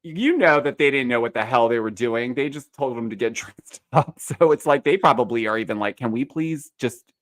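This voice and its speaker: A man's voice: medium pitch, a little fast, hardly any pauses. A young adult man joining a casual gossip chat as a guest, playful and eager to jump in. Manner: animated, playful, jumps in eagerly. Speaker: podcast guest.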